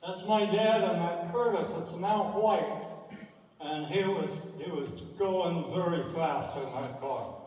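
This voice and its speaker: An older man with a fairly high voice tells stories in a relaxed, chatty way as he clicks through old photos. He sounds distant from the mic, and his voice rings around a large echoing theater with a long reverb tail. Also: takes it slowly, dull audio. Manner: chatty, anecdotal, with dry asides. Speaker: speaker presenting a slideshow. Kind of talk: casual reminiscing talk over slides. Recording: echoey hall, distant from mic.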